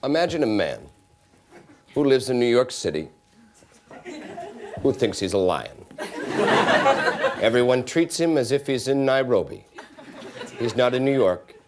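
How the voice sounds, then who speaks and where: Man narrating in a dramatic lively voice. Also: mid-range voice, unhurried, pauses often, a crowd in the background, background noise. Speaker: improv comedian. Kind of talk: mock TV narration. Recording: TV studio with audience.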